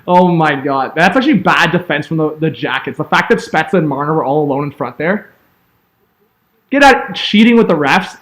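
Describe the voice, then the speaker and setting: A young man calling a hockey game as an excitable fan streamer, yelling at big plays and chatting with viewers. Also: sits high, moderate pace. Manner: yells and laughs at big plays, chats with viewers. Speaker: fan streamer doing live play-by-play. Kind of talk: excitable fan play-by-play commentary.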